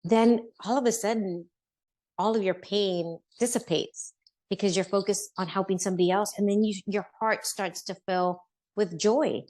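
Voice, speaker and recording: A woman's voice: mid-range voice, steady tone, moderate pace, a little mellow. Earnest middle-aged woman telling her story. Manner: earnest, heartfelt, acts out quoted speech. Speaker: podcast guest, business owner. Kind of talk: personal storytelling interview.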